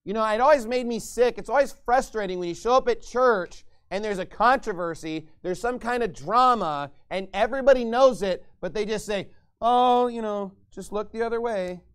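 A man preaches from the pulpit in a heated rant, slipping into mocking voices to imitate others. His voice sits high and sounds clean and resonant. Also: lively intonation, brisk, few pauses, fairly bright tone, smooth. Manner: ranting, mocking impressions of others. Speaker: pastor. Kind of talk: sermon.

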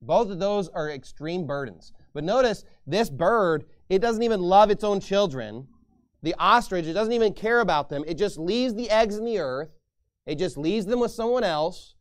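A man's voice: high voice, expressive, moderate pace. A man pastor preaching a sermon in an emphatic, repetitive style.

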